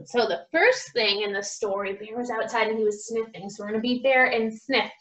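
A woman speech teacher reading a picture book aloud to young children, sounding out words slowly and with exaggeration. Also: on the high side, steady tone, fairly bright tone, low-quality recording.

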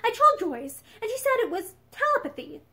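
A woman reading a storybook gives voice to a flustered young wife, eager and nervous, her words tumbling out breathlessly. The voice sits high and lilting, swinging widely in pitch. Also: big pitch swings, moderate pace, sharp tone, exaggerated voice.

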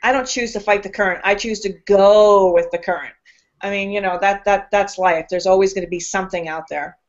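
A woman's voice: mid-range voice, steady tone, brisk, muffled recording. A woman hosting a talk show, speaking in a casual, emphatic way with long, loose, philosophical runs. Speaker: host.

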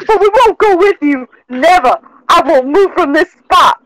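A woman's voice: very high-pitched, lively intonation, moderate pace, fairly bright tone, no room sound, rough recording. A woman voicing a melodramatic, lovesick young runaway in a put-on Brooklyn accent that drifts Southern. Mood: defiant. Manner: melodramatic, pleading. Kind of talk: let's play voice acting.

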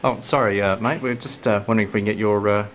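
A man, an interviewer asking questions in an apologetic, rushed way. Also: on the low side, fairly even intonation, noisy background. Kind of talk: mockumentary interview.

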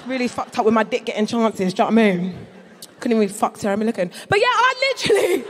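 A woman's voice: fairly high pitch, animated, quick pace. A woman, performing a brash, bawdy stand-up set on a comedy stage. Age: 30s. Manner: brash, bawdy, punchy delivery. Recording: live venue with long reverb.

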